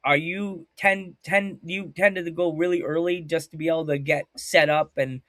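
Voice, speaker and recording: New man, podcast host, lively chatty delivery, dry close sound. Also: fairly high pitch, moderate pace, dry recording. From New York, Puerto Rican family. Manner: animated, laughs often, puts on voices. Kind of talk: casual chat.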